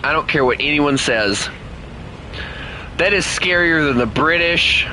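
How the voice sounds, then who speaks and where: A man's voice: a little high, a little slow, a little hiss or hum, low-quality recording. A man giving casual, joking commentary while playing a game with a friend. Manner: joking, animated banter with a friend. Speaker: gaming streamer.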